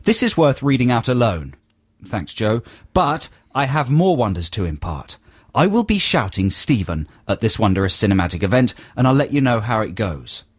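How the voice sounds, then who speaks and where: A man's voice: medium pitch, sing-song, moderate pace, husky, no room sound. A man co-hosting a comic radio show in a studio, reading listener emails with dry asides and playful impressions. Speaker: radio co-host. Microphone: studio microphone.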